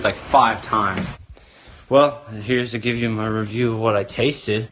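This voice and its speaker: A man's voice: mid-range voice, steady tone, normal speed, sharp tone, a little hiss or hum. A young man vlogging outdoors in the woods, talking in a jokey, dramatic, complaining way. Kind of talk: casual vlog commentary.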